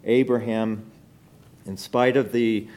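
Halting man teaching a Bible lesson. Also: lowish voice, steady tone, darkish tone. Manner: unscripted and halting, with many fillers, restarts and quoted scripture.

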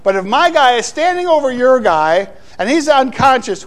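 A man's voice: very high-pitched, sing-song, normal speed, fairly bright tone. A middle-aged man, a pastor, preaching a sermon with playful asides to the congregation.

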